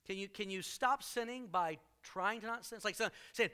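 Bright, high-pitched preaching man. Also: a little fast, smooth. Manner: animated, jokey preaching with sudden loud emphasis. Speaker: pastor. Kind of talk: sermon.

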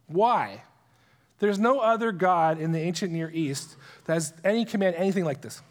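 A man teaching the Bible in a conversational, animated way, throwing out rhetorical questions to his listeners. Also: high-pitched, normal speed. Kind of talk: conversational sermon-style teaching. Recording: long hall reverb.

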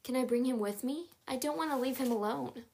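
A woman voicing a gentle, caring young girl in a read-aloud chapter book. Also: sits high, a little fast, vocal fry, slight background noise. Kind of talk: audiobook character reading.

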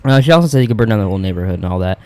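Fast-talking young man recapping a show. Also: on the low side, animated, dark tone. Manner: rapid retelling, acting out characters' lines, swears freely. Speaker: podcast co-host. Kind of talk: casual chat recapping a TV episode.

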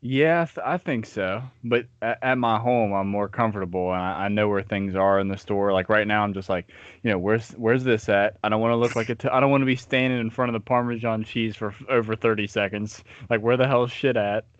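A man's voice: on the low side, fairly even intonation, a little fast, no echo. A young man from the States, a podcast co-host telling stories in casual chat, laid-back and profane, laughing often. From Southern United States. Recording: slightly muffled, dry audio.

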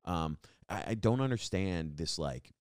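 Low-voiced man ranting casually. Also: a little slow, clean tone, no room sound, clean studio sound. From Long Island, New York. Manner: rambling, profane, animated ranting. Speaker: podcast host. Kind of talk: casual storytelling monologue.

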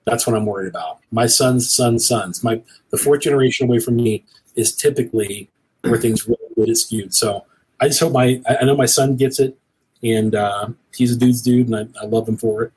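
A man's voice: mid-range voice, brisk, a little mellow, breathy edge, poor audio. A middle-aged man talking earnestly and rambling a little, like a preacher, as a guest on a cigar show. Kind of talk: casual conversation.

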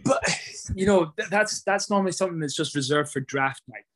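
Man, somewhat high voice, wry, quick, self-deprecating, podcast co-host. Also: a bit bright, rough recording. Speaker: podcast co-host, news segment presenter. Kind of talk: casual chat.

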